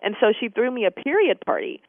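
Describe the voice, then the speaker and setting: A woman guest in a casual interview, telling lively stories and acting out bits of dialogue. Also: fairly high pitch, fast. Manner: lively, acts out quoted dialogue. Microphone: phone line. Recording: tinny phone line.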